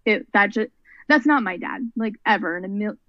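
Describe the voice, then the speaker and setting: A woman's voice: mid-range voice, lively intonation, moderate pace, no room sound. A young adult woman, a podcast interview guest, recounting a personal story in an earnest, rambling way. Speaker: guest, mental health advocate. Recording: dull lo-fi, dry sound.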